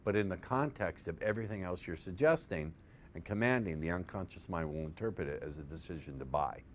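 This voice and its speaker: A man's voice: low voice, a little fast, slight background noise. A man presenting a live seminar on persuasion, playful and profane, quizzing his audience with questions.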